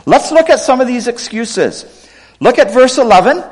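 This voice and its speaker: A middle-aged man preaching a sermon, reading scripture quotes with expressive, dramatic delivery. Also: extremely high pitch, normal speed, big-room sound. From United States, raised partly in Pakistan. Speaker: pastor.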